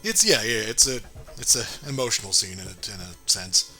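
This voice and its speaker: A man's voice: lowish voice, big pitch swings, fairly quick, over loud music. A man in casual chat, recapping cartoon episodes and acting out quoted lines, with many fillers. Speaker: podcast co-host reviewing a cartoon.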